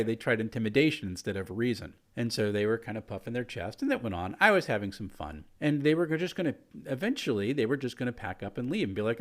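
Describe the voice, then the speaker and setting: A man who is a game master, telling a story from his tabletop game in a relaxed, chatty way with fillers. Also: on the low side, fast talker. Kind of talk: casual storytelling.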